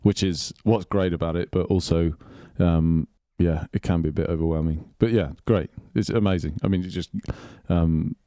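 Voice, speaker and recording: A man's voice: low voice, fairly even intonation, normal speed, hardly any pauses, warm tone, dry recording. A man, a podcast guest talking casually in a rambling, hesitant way with many fillers. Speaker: podcast guest, golf club director. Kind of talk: casual chat.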